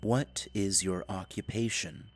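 Brief: disembodied controlling voice, flat and precise, deep and slow, a man doing it. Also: breathy edge, heavily acted. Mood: cold. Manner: flat, precise, oddly without qualities. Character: cold disembodied machine voice, clinical and controlling.

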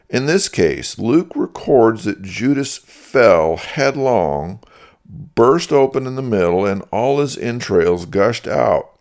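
A man reading a prepared Bible teaching in a measured, methodical way, marking each quotation aloud. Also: lowish voice. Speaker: Bible teacher answering critics. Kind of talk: scripted reading.

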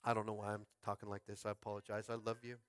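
A man preaching a sermon as pastor, fervent and calling out to his congregation, swinging from quiet musing to shouted climaxes. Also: on the low side, flat delivery, racing, clear, resonant tone, no echo, studio quality. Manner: calls out to the congregation. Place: school space used as a church.

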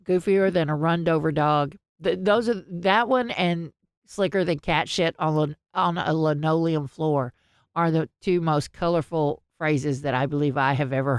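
A woman's voice: low voice, smooth, no room sound, clean studio sound. A woman co-hosting a podcast, telling rambling stories, laughing often and swearing freely. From American South. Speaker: podcast co-host. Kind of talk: casual chat.

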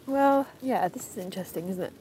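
A woman's voice: mid-range voice, animated, fairly quick, mellow, a little hiss or hum, rough recording. Chatty woman walking outdoors. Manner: chatty and rambling, laughs at herself. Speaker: podcast host. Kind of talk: casual spoken monologue while walking. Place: outdoors in a city park in the rain.

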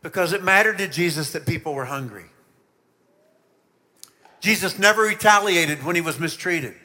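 Bright, high-voiced pastor in a reverberant church. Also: male voice, moderate pace. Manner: animated storytelling, asks listeners questions. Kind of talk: children's sermon.

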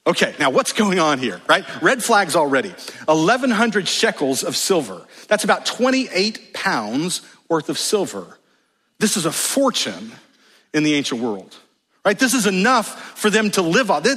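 A male pastor delivers an animated, emphatic sermon with wry asides. His husky, slightly high voice swings widely in pitch. It rings with the long reverb of a large church hall.

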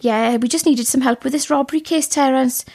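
A woman's voice: high voice, brisk, a little mellow, slightly rough. A woman playing Sal, a gushing, over-polite female detective.

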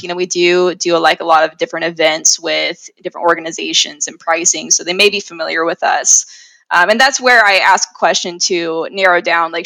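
A woman's voice: lowish voice, bright, forceful tone, no echo, rough recording. A woman in sales, a guest on an interview, talking chattily and filling her speech with "like" and "you know". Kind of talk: conversational interview.

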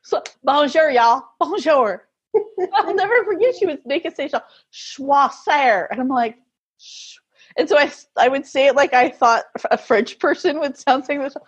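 A woman's voice: high voice, lively intonation, normal speed, dull audio. A woman telling stories in a casual interview, laughing often as she talks. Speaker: guest.

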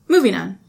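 A woman's voice: high-pitched, gravelly, a little mellow. A woman co-hosting a podcast in casual chat, talkative, laughing often and swearing now and then. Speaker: podcast co-host.

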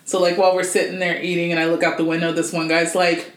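A woman's voice: fairly low pitch, flat delivery, quick pace. A woman co-hosting a casual chat, telling stories in a slangy, laughing manner. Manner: chatty storyteller, frequent laughter, slangy. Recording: roomy echoey room.

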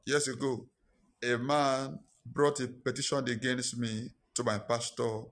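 A man's voice: mid-range voice, level tone, unhurried, a bit bright. A man preaching a sermon, telling a personal story and repeating his lines for emphasis.

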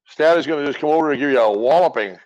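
A man's voice: on the high side, racing, highs cut off. Casting: ex-lineman co-host, male, tenor-ish, rambling yarn-spinner. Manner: rambling storyteller, animated tangents. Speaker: co-host, former offensive lineman. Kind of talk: casual sports chat.

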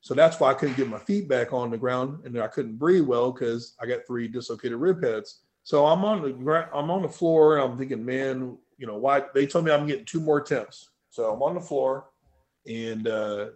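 A man in a casual podcast chat, a powerlifter retelling his story in a mid-pitched voice. He talks in an animated, profane way, and his voice jumps loud and high whenever he quotes himself. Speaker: powerlifter guest.

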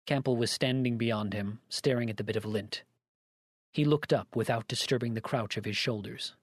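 Male narrator, steady storytelling read, mid pitch, dry close mic. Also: normal speed, no echo. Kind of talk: audiobook narration.

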